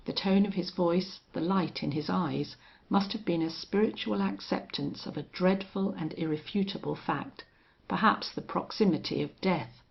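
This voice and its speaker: A woman narrating an audiobook in a steady, unhurried way. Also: lowish voice, creaky. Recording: dull lo-fi audio.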